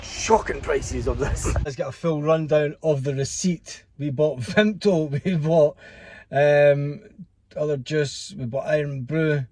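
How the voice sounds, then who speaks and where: A man's voice: on the high side, fairly even intonation, slow, dark tone. A man with a Scottish accent, chatting casually as a vlogger and often exclaiming in disbelief as he goes through shops and sits in a car. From Scotland. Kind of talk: casual vlog commentary.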